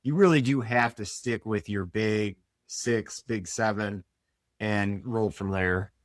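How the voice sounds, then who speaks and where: A co-host with a US Northeastern accent speaks slowly in a fairly low voice during casual panel talk, earnest and emphatic and quick to laugh. The recording is dry and studio quality.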